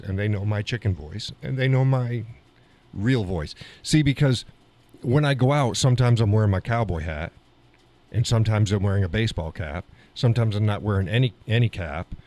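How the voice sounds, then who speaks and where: Deep-voiced American male host; folksy, rambling live-stream chat. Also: a little mellow. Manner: rambling, folksy, chatty with restarts.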